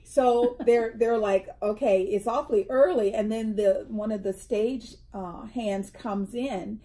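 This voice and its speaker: Animated woman telling stories, mellow voice. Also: on the high side, a little slow. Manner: animated storyteller, acts out quotes. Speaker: co-host. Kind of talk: casual chat. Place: indoors, tea table chat.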